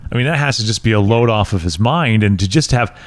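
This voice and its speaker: A man's voice: lowish voice, lively intonation, quick pace. A man hosting a podcast, enthusiastic and joking, often restarting his sentences. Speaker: podcast host. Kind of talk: casual interview chat.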